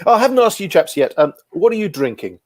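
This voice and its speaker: A man's voice: high-pitched, big pitch swings, quick pace, no room sound. A man hosting a casual video call chat, telling a rambling anecdote with self-deprecating asides. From Guernsey. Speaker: podcast host.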